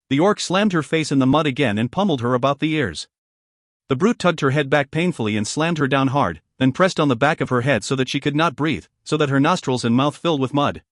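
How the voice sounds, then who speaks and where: A man narrating a fantasy audiobook in a dramatic, steady storytelling manner. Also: medium pitch, no echo, clean studio sound.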